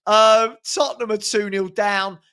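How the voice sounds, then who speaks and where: A man hosts a fan watchalong, calling the match play by play. He talks slowly and drawls his words. He sounds sarcastic and fed up, and he laughs ruefully at his own team. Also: sits high, steady tone, bright, forceful tone, clear, resonant tone. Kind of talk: live match commentary from a fan.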